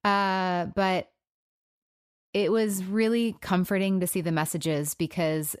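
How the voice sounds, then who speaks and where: A woman in her thirties hosts a solo podcast, her voice pitched fairly low and recorded close and dry on a studio microphone. She speaks haltingly and softly, sounding emotionally raw and subdued. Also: smooth, no echo. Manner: halting, soft-spoken, with frequent pauses and trailing phrases. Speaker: podcast host. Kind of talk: casual solo podcast talk.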